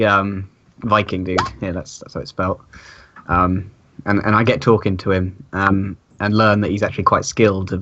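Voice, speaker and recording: Hesitant low-voiced man player. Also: fairly bright tone, lo-fi sound. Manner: hesitant, filler-heavy. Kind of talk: casual tabletop play.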